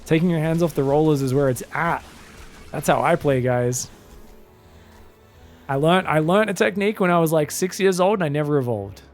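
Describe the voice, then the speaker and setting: A man's voice: on the high side, normal speed, long pauses, faint music behind. A man casting a live esports match with chatty, joking play-by-play. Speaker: esports caster. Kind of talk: live game commentary.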